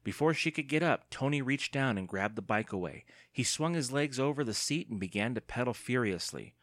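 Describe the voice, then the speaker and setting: A man narrating an audiobook in an expressive storytelling manner. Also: lowish voice, moderate pace, no room sound, clean studio sound.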